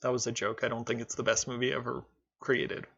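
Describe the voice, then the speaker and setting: A man's voice: mid-range voice, flat delivery, fairly quick, creaky, highs cut off, over loud music. A man hosting a live stream, reacting to a video with candid, sarcastic commentary and frequent laughs. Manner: candid, sarcastic, laughs often, mocking voices.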